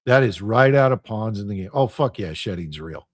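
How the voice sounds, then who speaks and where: A man's voice: fairly low pitch, animated, moderate pace, no room sound, clean studio sound. A middle-aged man hosting a radio show, delivering a heated, profane solo monologue with an intense, ranting manner.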